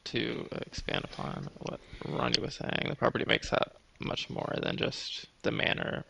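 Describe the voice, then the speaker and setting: A man running a tabletop game, with a strikingly gravelly voice that is also very bright and forceful. He speaks with lively pitch over faint background noise. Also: moderate pace. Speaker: game master.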